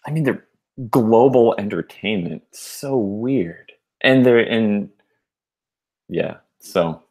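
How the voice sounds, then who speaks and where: Speaking slowly with lively intonation, a young man co-hosts a podcast in a rambling, casual chat thick with fillers and restarts. His voice is lowish and slightly mellow.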